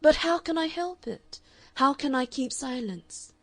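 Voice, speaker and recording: A woman voices a lovesick man pleading urgently in an audiobook, his words pressing and emotional. The reading sits in a dry, close sound with a mid-pitched tone. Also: animated, normal speed, darkish tone, no echo.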